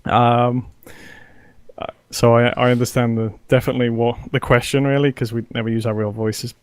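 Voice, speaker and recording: A man guest on a casual interview podcast, telling stories in an animated way and laughing often. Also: medium pitch, normal speed, clean tone, dry recording. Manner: animated, laughing storyteller acting out exchanges. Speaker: streamer guest.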